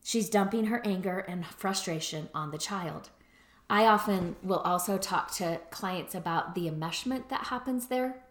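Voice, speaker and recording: A middle-aged woman therapist talks through her points in a relaxed, conversational way and keeps asking "right?". Her voice sits a little low. The room around her is echoey. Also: a little slow. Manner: conversational, explains with frequent "right?" and "like". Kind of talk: casual lecture on a book.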